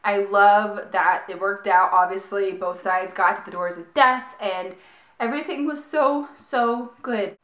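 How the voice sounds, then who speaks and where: A young woman reviewing a book in a casual, gushing way, full of "like" and excited restarts. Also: medium pitch, measured pace, roomy sound. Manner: gushing, excited, heavy use of "like".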